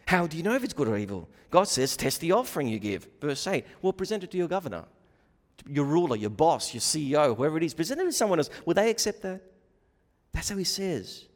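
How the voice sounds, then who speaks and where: Animated male preacher in a reverberant hall. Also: on the high side. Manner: animated, acts out quoted voices, rising and falling loudness. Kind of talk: sermon. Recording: long reverb of a large hall.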